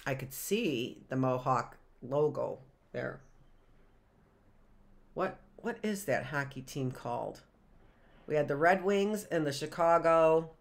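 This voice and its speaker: Chatty woman with a low voice. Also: expressive, slow pace, vocal fry, long pauses. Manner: chatty, wanders off into asides and questions. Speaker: teacher. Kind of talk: reading a picture book aloud to young children on a livestream.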